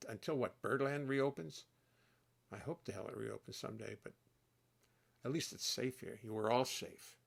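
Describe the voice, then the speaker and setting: Older guy chatting on a home studio stream, gravelly voice, rambly storyteller. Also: medium pitch. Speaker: host and bassist. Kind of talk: casual livestream chat.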